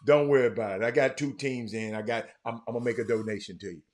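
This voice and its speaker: Middle-aged man, show host, mid-pitched voice, excitable and repetitive, rambling chat. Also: fast talker. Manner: animated, repetitive, excitable with many fillers. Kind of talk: casual rambling talk to viewers.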